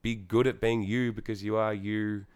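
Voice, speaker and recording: A man's voice: on the low side, level tone, normal speed, crowd noise. A young Australian man, a singer in a band, chatting casually in an interview, rambling with lots of fillers, swearing and laughing.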